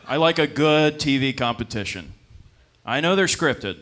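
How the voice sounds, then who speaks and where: A young comic works through a stand-up set at a comedy club, rambling and poking fun at himself, with frequent fillers and chuckles at his own lines. He speaks at a moderate pace in a medium-pitched, expressive voice that's fairly bright.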